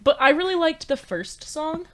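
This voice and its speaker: A woman's voice: high voice, sing-song, normal speed, slight background noise. A young woman co-hosting a podcast in casual chat, emphatic and teasing, laughing often. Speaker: podcast co-host.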